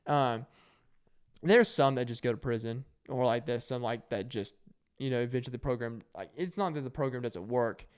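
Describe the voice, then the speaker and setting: Gadatliwy młody mężczyzna, gładki głos. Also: male voice, medium pitch, normal speed, clear, resonant tone. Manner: rambling, jokey, acts out quotes in shouted voices. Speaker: vlogger. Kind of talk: casual storytelling monologue.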